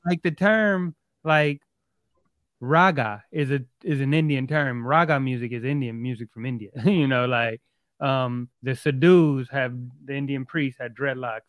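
A man talks through history in a relaxed podcast conversation, laying out his points one after another like a patient teacher. His voice sits at an ordinary pitch. The sound is close and dry, with no room around it. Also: unhurried, dry recording. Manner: explains history at length in a steady, lecturing way. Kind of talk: casual podcast chat.

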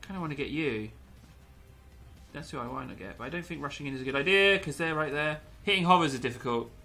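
A man's voice: fairly high pitch, animated, fast, bright, forceful tone, soft background music. A young man commentating gameplay with a lot of energy, yelping, laughing and slipping into pirate growls.

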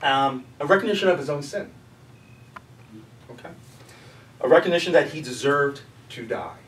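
A man leads a group study in a relaxed teaching tone, chatting with his listeners and putting questions to them. He sits well back from the mic in an echoey church room. Faint noise hums underneath. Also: on the high side, normal speed, distant mic. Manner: conversational, asks the group questions. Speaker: Bible study leader. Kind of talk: casual teaching.

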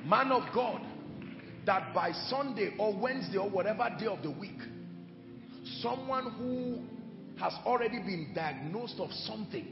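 A man preaching a sermon with emphatic delivery, moving between shouted lines and hushed ones. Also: high voice, vocal fry, lo-fi sound. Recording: echoey hall with music behind.

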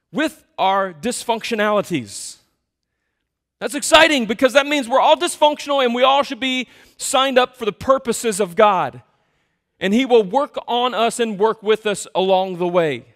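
A male pastor preaching a sermon in a conversational, self-deprecating, animated storytelling way. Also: extremely high pitch, unhurried. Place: church sanctuary. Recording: long hall reverb.

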